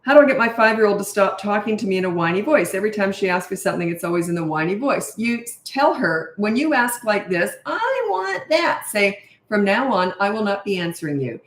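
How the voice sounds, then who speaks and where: A woman's voice: medium pitch, lively intonation, quick pace, roomy sound, slight background noise. A woman in her sixties, a parenting coach answering viewer questions in a frank, conversational live-stream Q&A. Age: 60s.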